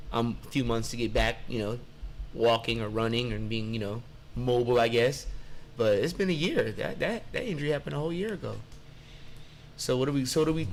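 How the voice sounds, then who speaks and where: A man's voice: medium pitch, a little hiss or hum. A man co-hosting a podcast, giving blunt, opinionated takes in casual sports chat and swearing freely. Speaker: podcast co-host.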